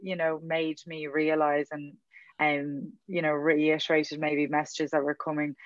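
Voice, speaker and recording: A woman's voice: low-pitched, level tone, measured pace, no room sound. Chatty young woman, muffled. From Dublin, Ireland. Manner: chatty and rambling, self-mocking, laughs often. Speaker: podcast guest. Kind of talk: casual interview chat. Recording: dull, dry sound.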